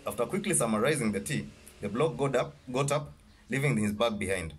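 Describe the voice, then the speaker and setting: A man reading his own novel aloud, halting and correcting himself as he goes. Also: medium pitch, animated, soft background music. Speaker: author.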